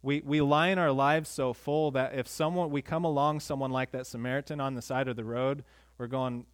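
A male pastor preaching a sermon in a conversational, earnest way, with quick asides to the congregation. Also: medium pitch, fairly even intonation, dry recording.

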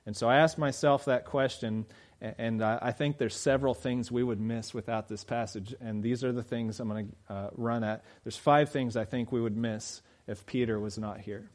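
A man preaching a sermon in a conversational way, with quick laughs and loud emphatic peaks. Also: mid-range voice, fairly even intonation. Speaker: pastor.

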